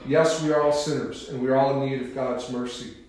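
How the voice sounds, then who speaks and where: In a church, a man preaches a sermon in a solemn, emphatic, deliberate manner, pausing to stress key words. His medium-pitched voice is steady and darkish in tone, and the room is very echoey.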